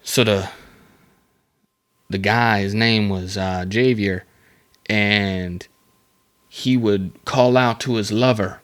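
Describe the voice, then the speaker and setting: A man with a slightly low voice hosts a casual solo podcast. He reads facts from a script, then wanders into loose, joking tangents. He stumbles and circles back often along the way. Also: steady tone, fairly bright tone, smooth. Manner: reads facts aloud, then breaks off into rambling jokey asides; halting, with many fillers and restarts. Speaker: podcast host.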